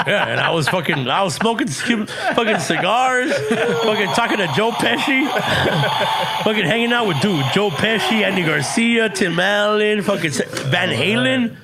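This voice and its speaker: A man with a Chicano English accent telling stories in a casual chat, animated, swearing and laughing. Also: high-pitched, a little slow, crowd noise. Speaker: podcast guest, actor and comedian.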